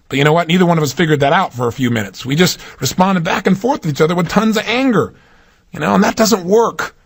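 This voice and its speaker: Husky guy, kinda high voice, punchy motivational speaker vibe. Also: animated, a little fast. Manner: emphatic, swings pitch up and down for emphasis. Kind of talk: motivational talk.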